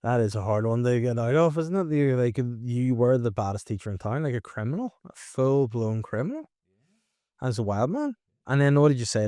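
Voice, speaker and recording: A man's voice: mid-range voice, lively intonation, normal speed, mellow, no echo, clean studio sound. A man with a Northern Irish accent hosting a podcast, chatting casually and chiming in with prompts and asides. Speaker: podcast host. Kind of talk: casual chat.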